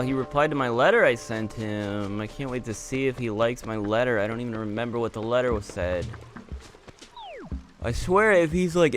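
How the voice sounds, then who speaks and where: A young man giving casual commentary on his gameplay in a chatty, jokingly exasperated way. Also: mid-range voice. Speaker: gaming video creator.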